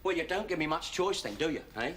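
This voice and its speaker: An actor playing a wry, streetwise convict, chatty and coaxing in a television sitcom. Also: male voice, a little high, expressive, fast, a bit bright, a little hiss or hum. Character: wry cocky middle-aged London convict. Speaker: prisoner. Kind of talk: 1970s TV sitcom acting.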